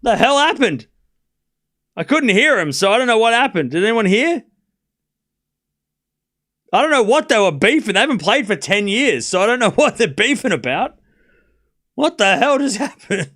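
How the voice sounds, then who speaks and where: A man hosting a live tennis watchalong stream, chatting casually and excitedly, laughing often and thinking out loud. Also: sits high, normal speed, long pauses. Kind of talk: live commentary and casual chat.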